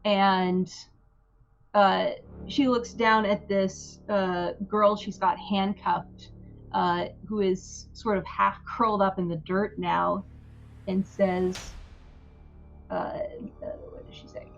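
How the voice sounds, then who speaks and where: Slow-narrating woman game master. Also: mid-range voice, steady tone, vocal fry, muffled recording, faint music behind. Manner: unhurried descriptive narration with many fillers.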